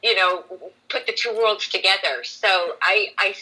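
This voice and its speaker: A woman's voice: medium pitch, moderate pace, sharp tone, slightly rough, rough recording. A woman who works in voiceover, chatting eagerly as a podcast guest, full of "like" and "you know". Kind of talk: casual conversation.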